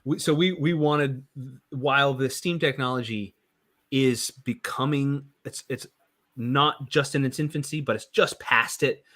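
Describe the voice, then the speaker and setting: A man talking casually on a panel as a comics writer, rambling and halting with frequent restarts and fillers. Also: mid-range voice, steady tone, fairly bright tone. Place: online panel session.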